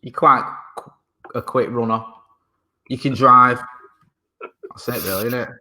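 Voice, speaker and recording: A man's voice: mid-range voice, fairly even intonation, unhurried, sharp tone. A man co-hosting a podcast, chatting casually and joking dryly, often restarting while he searches for words. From Britain. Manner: dry, joking banter. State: parent. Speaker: podcast co-host. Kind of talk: casual chat.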